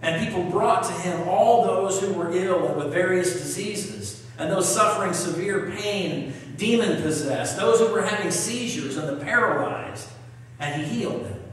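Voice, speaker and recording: High-voiced preacher in an echoey hall. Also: male voice, expressive, normal speed, a bit bright, recorded from a distance, slight background noise. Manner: storytelling preacher, reads scripture aloud, asks the congregation questions. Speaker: pastor. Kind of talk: sermon.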